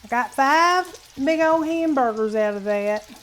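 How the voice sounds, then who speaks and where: A woman's voice: high-pitched, animated, measured pace, a bit bright. A woman hosting a casual cooking demonstration in her home kitchen, chatty and homey, calling viewers honey. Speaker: cooking show host.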